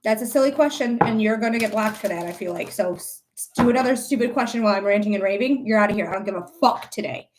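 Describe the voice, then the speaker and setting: A woman's voice: medium pitch, fast talker, slight background noise. A young woman livestreaming as a psychic reader, ranting angrily and profanely while answering her chat viewers. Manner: angry, profane, addresses chat viewers by name. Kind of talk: live-stream chat and rant.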